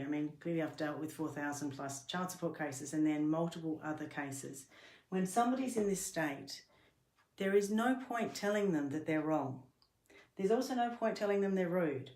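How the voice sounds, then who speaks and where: A middle-aged woman with a low voice gives a workplace training talk. She explains earnestly and patiently, now and then stumbling and restarting a phrase. The room around her rings with a noticeable echo. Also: a little mellow. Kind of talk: instructional talk to camera. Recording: roomy echo.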